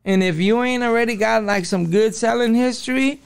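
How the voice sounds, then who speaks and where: A man's voice: very high-pitched, fairly quick, vocal fry, smooth, dry recording. A man in his forties telling his story as a podcast guest, casual and profane, full of street slang. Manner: profane street slang, calls listener dog.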